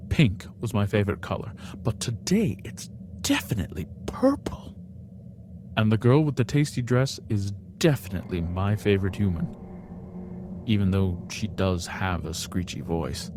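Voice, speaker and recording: A man's voice: on the low side, background noise. A man reading a story aloud in the first person, theatrically, with sudden whispered asides. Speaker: storybook reader.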